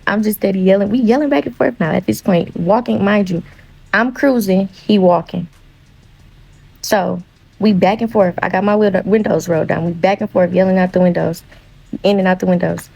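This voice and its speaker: Gravelly, blunt young woman telling a story. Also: lowish voice, steady tone, moderate pace, mellow, highs cut off. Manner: blunt and profane, reenacting quoted arguments. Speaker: storyteller in a viral video. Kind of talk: casual first-person storytelling.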